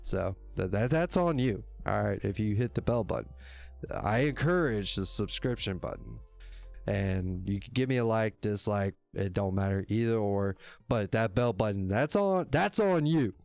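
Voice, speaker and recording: Rambling low-voiced man hosting a stream. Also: normal speed, creaky, darkish tone, soft background music. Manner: rambling, self-correcting, cursing, laughs often. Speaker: livestream show host. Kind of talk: casual solo livestream talk. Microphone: desk microphone.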